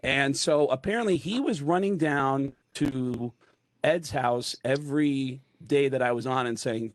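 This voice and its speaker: A man's voice: medium pitch, moderate pace, no room sound, clean studio sound. A man, a comedian, telling a rambling comic anecdote over a video call. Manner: rambling, animated, full of fillers. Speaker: comedian guest.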